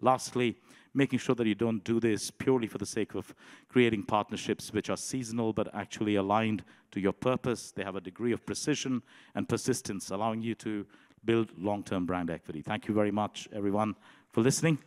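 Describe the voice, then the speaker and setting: Guy giving a conference talk, kinda low voice, lots of um and you know, big echoey hall. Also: steady tone, darkish tone. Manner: measured, with frequent um and you know. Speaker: conference speaker. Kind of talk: conference presentation.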